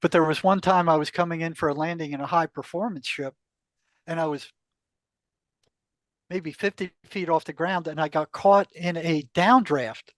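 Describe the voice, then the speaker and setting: High-voiced older man telling a story. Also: moderate pace, no room sound. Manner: animated storyteller, acts out quoted exchanges, laughs often. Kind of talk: casual storytelling interview.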